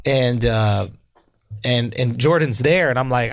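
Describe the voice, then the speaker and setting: A man's voice: mid-range voice, slow pace, no echo, clean studio sound. A man co-hosting a comedy sports podcast, telling a meandering story and acting out what friends said. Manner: rambling storyteller who acts out quoted voices. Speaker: podcast co-host and stand-up comedian. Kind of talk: casual podcast banter.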